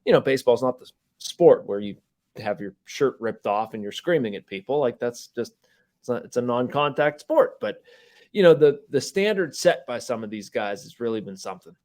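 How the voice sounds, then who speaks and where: A man with an everyday mid-range voice co-hosts a sports podcast as a journalist. He tells stories quickly and modestly, sprinkling in "you know". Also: medium pitch, lively intonation, darkish tone. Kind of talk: casual sports podcast chat.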